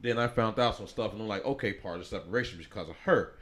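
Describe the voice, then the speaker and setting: A man's voice: on the low side, quick pace, a bit bright. A man from Chicago, a podcast guest, telling his life story in a loose, rambling way with many restarts and fillers. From Chicago, USA. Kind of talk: casual interview storytelling.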